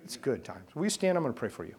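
A man's voice: medium pitch, sing-song, rapid-fire, a little mellow, slight background noise. A man preaching a sermon and leading a closing prayer, talking to the congregation and asking them questions. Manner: conversational, asks the congregation questions. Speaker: pastor.

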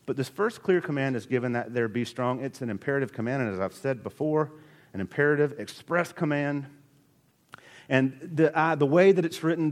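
Man preaching in an echoing hall. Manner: earnest preaching, swells to emphatic peaks then drops low. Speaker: pastor. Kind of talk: sermon. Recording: long reverb of a large hall.

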